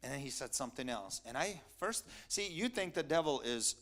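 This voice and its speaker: A male pastor preaching a sermon, swinging from quiet asides to loud, emphatic peaks. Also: mid-range voice, expressive, brisk.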